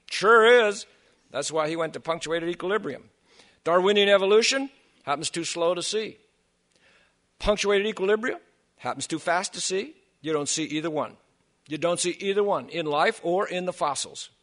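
Emphatic bright-voiced male preacher. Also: high voice. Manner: emphatic, rhetorical questions, joking asides. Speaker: creationist speaker. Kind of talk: lecture to a church audience.

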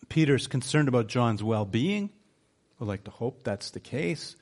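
A man's voice: medium pitch, darkish tone. A man preaching an earnest sermon, asking his listeners rhetorical questions. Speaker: pastor.

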